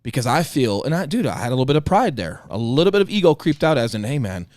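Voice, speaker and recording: Man, 30s, podcast co-host, quick delivery, blunt and profane, dry close sound. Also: mid-range voice, very animated, a little mellow, no echo. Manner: blunt, profane storytelling with reenacted dialogue. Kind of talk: casual chat.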